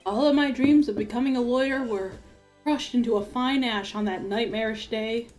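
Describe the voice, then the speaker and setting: A woman's voice: on the high side, normal speed, a little mellow, faint music behind, lightly acted. A woman voicing a solemn, brooding male prosecutor, reading his lines in a grave and formal way.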